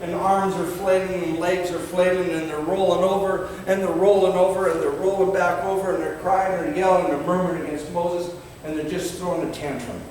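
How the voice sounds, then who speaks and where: An older man preaching a sermon in a fiery, dramatic way, reading scripture slowly and emphatically and swinging between loud and quiet. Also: high-pitched, flat delivery. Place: large church hall. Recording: echoey hall from far off, faint background noise.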